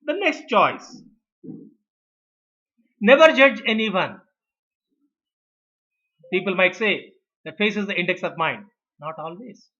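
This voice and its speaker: A middle-aged man tells management stories, leaning into the quoted voices. His voice sits high and bright with a husky edge. The recording sounds dull and lo-fi. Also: slow, long pauses. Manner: animated storyteller, acts out quoted voices. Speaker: speaker on management. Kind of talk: storytelling talk.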